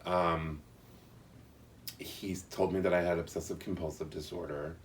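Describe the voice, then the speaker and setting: Male interviewee, very low voice, reflective and halting, faint background hiss. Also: level tone, distant mic. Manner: earnest, halting, reflective storytelling. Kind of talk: personal account in an interview.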